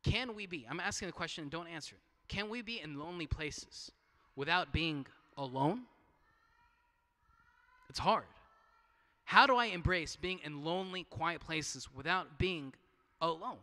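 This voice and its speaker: A man's voice: fairly high pitch, expressive, measured pace, long pauses, pushed and bright, in a large hall. A man preaching a sermon in a conversational way, asking rhetorical questions and restarting his phrases. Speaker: pastor.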